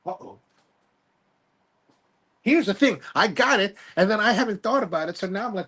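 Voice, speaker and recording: A man's voice: high-pitched, lively intonation, normal speed, long pauses, pushed and bright, slightly rough. A man hosting a live stream, rambling casually and self-deprecatingly while reading viewer comments aloud. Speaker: livestream host.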